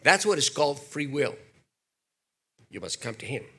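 An older man preaching a sermon, animated, slipping into acted quotes and jokey asides. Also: fairly high pitch, normal speed, breathy edge. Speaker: pastor.

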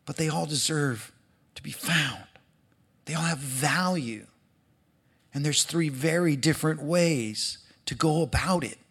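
Bright, high-voiced animated preacher man. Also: measured pace, creaky, breathy edge. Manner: animated, acts out quoted voices, swings from loud to hushed. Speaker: pastor. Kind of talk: sermon.

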